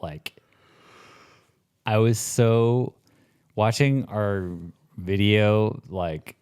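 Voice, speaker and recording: A man in his forties talks with a lowish voice, rambling through comedic podcast banter. He leans on "like" constantly and swears freely, circling back on his own thoughts as he goes. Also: a little mellow, smooth. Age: 40s. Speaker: podcast co-host. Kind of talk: casual comedic chat.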